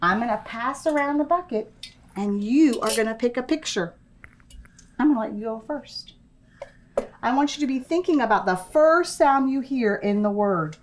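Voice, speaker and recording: A young woman teaching a phonics lesson to small children, stretching out sounds in a slow, encouraging voice. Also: on the high side, expressive, a little hiss or hum. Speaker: preschool teacher.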